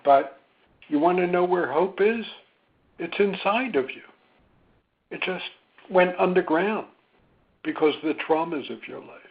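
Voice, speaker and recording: A man speaking as a psychologist in a webinar, gentle and reflective, with many ums and pauses. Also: high voice, creaky. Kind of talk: slow, thoughtful webinar talk. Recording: tinny phone-line sound.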